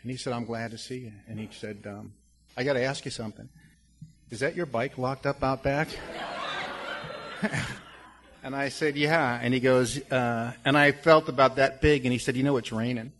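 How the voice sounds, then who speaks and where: Gravelly man sharing a rambling testimony. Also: medium pitch, steady tone, moderate pace, long pauses, fairly bright tone. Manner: rambling storyteller with many restarts and fillers. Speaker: recovery meeting speaker. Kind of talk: personal testimony to a recovery group.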